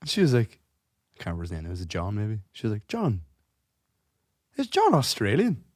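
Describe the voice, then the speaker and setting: Man, low voice, podcast co-host, animated storytelling, lots of swearing, dry close mic. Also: racing, dry recording. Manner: animated storyteller, swears freely, laughs through his own story. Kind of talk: casual chat.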